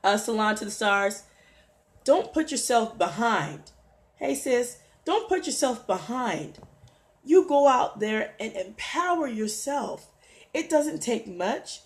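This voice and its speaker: A woman's voice: fairly high pitch, lively intonation, takes it slowly. Woman, livestream host, exhorting, preachy, greets viewers, phone mic. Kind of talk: motivational livestream talk.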